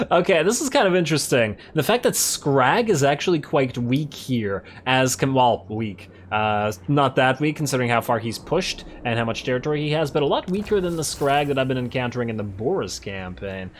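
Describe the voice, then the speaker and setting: A man hosting a let's play, casually commenting on a strategy game while thinking aloud, correcting himself and getting excited. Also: mid-range voice, slight background noise. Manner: excitable, quick to laugh.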